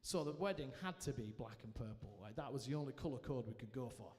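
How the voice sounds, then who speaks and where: A man's voice: mid-range voice, fast talker. Man telling his story in a church hall. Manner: lively storytelling with self-mocking humour. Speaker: guest speaker sharing his testimony. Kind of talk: personal testimony told to a live audience. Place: large church hall, indoors.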